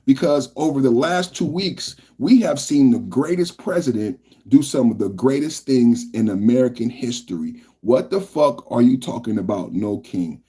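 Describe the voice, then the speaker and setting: A man's voice: medium pitch, expressive, moderate pace, hardly any pauses, dark tone, slightly rough. A man hosting a reaction podcast, ranting angrily with heavy profanity and mocking his critics. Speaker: podcast host reacting to clips. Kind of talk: heated political rant.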